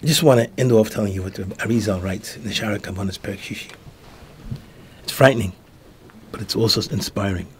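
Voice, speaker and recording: A man, a rabbi, telling a story as a sermon and acting out the dialogue in soft, hushed tones. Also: on the low side, fast talker, long pauses, slight background noise.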